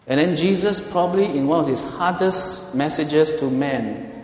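A male pastor preaching a sermon, swinging between loud emphatic lines and soft hushed ones. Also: fairly high pitch, moderate pace. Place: church. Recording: echoey hall with long reverb.

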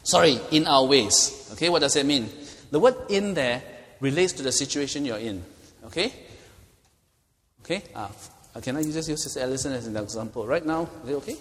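A middle-aged pastor leads a Bible study in a chatty teaching manner, pausing often to ask "okay?". His voice sits at an ordinary male pitch. The sound carries a long reverb from a church hall. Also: expressive. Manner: conversational, frequent "okay?" check-ins.

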